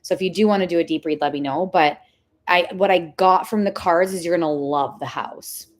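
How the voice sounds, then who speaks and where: A young woman reading tarot on a livestream, chatting casually with viewers. She is excitable and says "like" a lot. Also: on the low side, a little fast. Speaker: tarot reader hosting a livestream.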